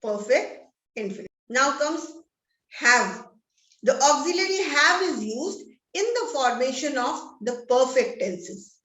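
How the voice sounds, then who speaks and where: Slow, high-voiced Indian English teacher. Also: female voice, sing-song, fairly bright tone. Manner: slow, deliberate, reads examples aloud with stress. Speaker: grammar teacher. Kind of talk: classroom-style grammar lesson. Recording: echoey room.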